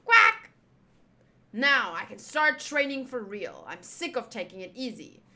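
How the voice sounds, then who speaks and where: A woman's voice: fairly high pitch, lively intonation, normal speed, pushed and bright. A woman hosting a casual comic readthrough, chatting in playful asides. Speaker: channel host.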